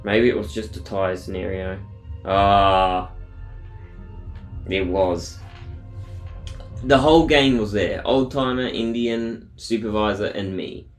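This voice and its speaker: A man's voice: lowish voice, slow pace, long pauses, echoey room, soft background music. A man telling a daily diary vlog in a rambling, blunt, profane casual way. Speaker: vlogger.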